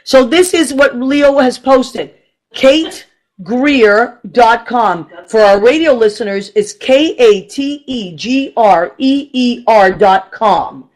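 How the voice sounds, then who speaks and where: A middle-aged woman from Boston hosting a radio talk show, chatty and excitable, laughing often. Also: on the high side, slow pace, poor audio. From Boston, Massachusetts. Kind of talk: casual chat.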